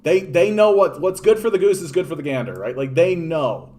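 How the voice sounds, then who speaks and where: A man's voice: fairly high pitch, lively intonation, a little fast, darkish tone. A man with a Canadian accent, ranting in a solo political commentary, sarcastic and profane, often mocking others in put-on voices. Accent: Canadian English.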